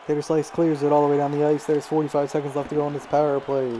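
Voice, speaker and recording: A man's voice: fairly high pitch, a little hiss or hum. A young man calling live play-by-play of a video game hockey match on a stream, running through passes and saves and lifting his voice on shots and goals. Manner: rapid play-by-play, rising excitedly on shots and goals. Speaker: play-by-play commentator.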